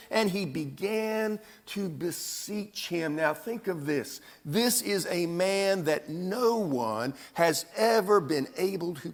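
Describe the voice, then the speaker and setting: A man preaching a sermon in a church, telling the story dramatically with pauses and acted-out scenes. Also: high voice, fairly bright tone. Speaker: pastor. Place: church sanctuary.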